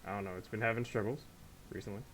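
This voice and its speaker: A man's voice: lowish voice, fairly even intonation, racing, slight background noise, low-quality recording. A man streamer chatting casually while playing a game, rambling with lots of fillers and poking fun at himself. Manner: rambling, filler-heavy, self-deprecating. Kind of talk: casual let's-play chat.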